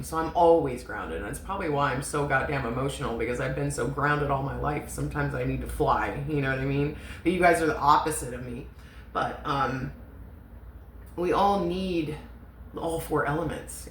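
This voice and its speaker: Tarot reader, woman, low voice, loose and chatty, echoey room. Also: normal speed. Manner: chatty and emotional, swears, laughs often. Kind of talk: casual tarot reading. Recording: echoey room with faint noise.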